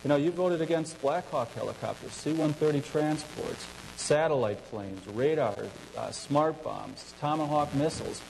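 A man's voice: fairly high pitch, normal speed, vocal fry, hardly any pauses, darkish tone, long reverb tail, a little hiss or hum, rough recording. A man pressing an opponent in a debate, listing charges one after another. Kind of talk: debate attack.

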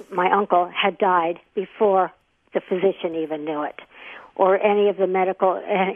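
A woman's voice: medium pitch, dry recording. A woman author being interviewed on a radio call-in show, explaining thoughtfully. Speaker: author and expert guest. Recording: tinny phone line.

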